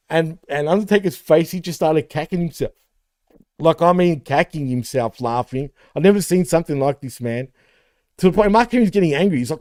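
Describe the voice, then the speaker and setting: A man's voice: on the high side, animated, fairly quick, darkish tone, no room sound, clean studio sound. A man co-hosting a wrestling podcast, talking in a laid-back way, swearing freely and laughing often. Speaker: podcast co-host. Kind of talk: casual wrestling podcast chat.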